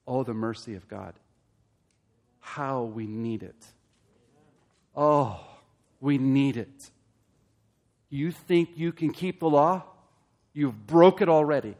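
A man preaching a sermon as pastor, asking the congregation direct questions and building to loud, emphatic peaks. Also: medium pitch, slow pace, long pauses, muffled recording.

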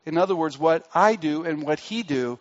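A man preaching a sermon as pastor, pressing hard on key words and then dropping his voice low and quiet. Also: animated, normal speed, lo-fi sound.

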